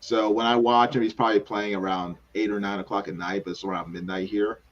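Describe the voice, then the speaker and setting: A man chatting casually in a laid-back, hesitant way, with many pauses and ums. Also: lowish voice, level tone. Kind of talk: casual chat. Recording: dull lo-fi sound.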